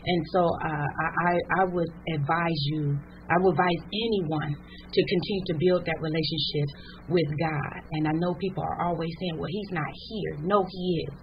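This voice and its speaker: A woman guest offers faith encouragement in a fervent, exhorting manner that swells into preaching. Her voice sits low. The audio is muffled lo-fi, with a faint hiss. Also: steady tone, normal speed. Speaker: ministry founder, guest. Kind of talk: faith encouragement in a podcast interview.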